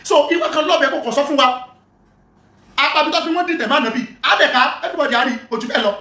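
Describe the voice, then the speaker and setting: A bright, high voice that moderates a heated religious debate. It reads scripture in slow, measured lines, then cuts in forcefully and tells others to calm down. The sound carries a roomy echo.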